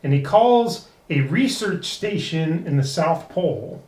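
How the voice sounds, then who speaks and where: A man with a slightly high voice co-hosts a relaxed podcast episode review. He laughs often and acts out the quoted lines. He sits a little away from the mic in an echoey room. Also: unhurried, recorded from a distance. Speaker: podcast co-host. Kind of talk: casual episode review chat.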